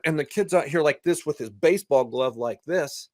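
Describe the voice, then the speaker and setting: A lively man talks as a guest counselor, acting out the people he describes and firing off repeated words in quick bursts. His voice sits in a middle pitch and is recorded dry and close, with no room sound. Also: no room sound. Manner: animated, acts out other people's voices. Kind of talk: casual conversation.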